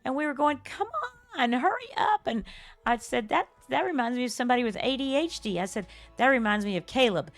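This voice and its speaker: An older woman hosts a live game stream. She talks in an effusive, chatty way and laughs often. Her voice has a slight fry, and faint music runs in the background. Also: on the high side, fast, no room sound. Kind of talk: live-stream chat while playing.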